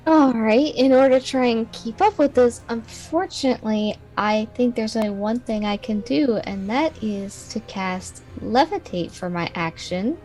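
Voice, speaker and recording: A woman's voice: fairly high pitch, unhurried, few pauses, dark tone, faint music behind. A woman playing a tabletop game, explaining her turn carefully and double-checking spell details. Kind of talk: casual game table chat.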